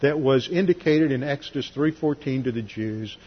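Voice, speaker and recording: A man's voice: mid-range voice, normal speed, slightly rough. A man teaching a Bible class in a methodical way, walking through verses with dry asides, in a church sanctuary. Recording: lo-fi recording, long hall reverb.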